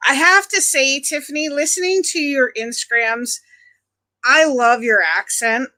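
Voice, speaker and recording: Chatty, bright-voiced woman from Ontario. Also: sits high, measured pace. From Canada (Ontario). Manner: chatty, greets viewers by nickname. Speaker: livestream host. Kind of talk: casual chat with live viewers.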